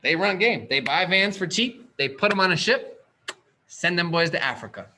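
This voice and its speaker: A man telling a story in casual chat as a podcast host, animated and acting out the dialogue with quick asides. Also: sits high, slight background noise.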